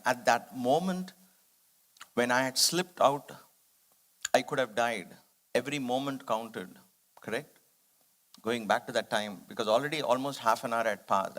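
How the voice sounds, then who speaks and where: A man's voice: mid-range voice, fairly bright tone. A man speaking at a devotional study circle, telling a personal spiritual story in an earnest, reflective way. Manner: earnest, reflective, acts out quoted dialogue.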